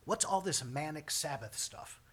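A man explains scripture in an earnest, emphatic way. His voice is bright and forceful, with a husky, breathy edge. His hushed stretches sink to a near-whisper. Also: on the high side, lively intonation, a little slow. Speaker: Bible teacher. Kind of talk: Bible teaching with commentary.

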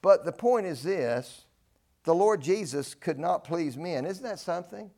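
A man's voice: a little high, animated, a little slow, vocal fry, warm tone. A man from North Carolina, preaching a folksy, earnest sermon. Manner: earnest, folksy, rises to emphatic peaks.

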